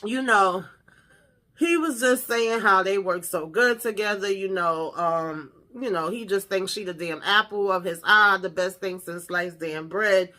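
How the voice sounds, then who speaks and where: A woman with a bright, sharp voice recaps a reality show episode in a loose, chatty way. She talks with animated, profane exclamations and keeps up a running commentary. Her pitch sits in a middle range. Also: unhurried.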